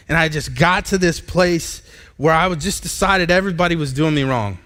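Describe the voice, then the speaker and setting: A man in his thirties, a pastor, preaching a candid personal testimony in a live church sermon, halting and restarting as he talks. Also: a little high, fairly bright tone. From United States. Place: church sanctuary.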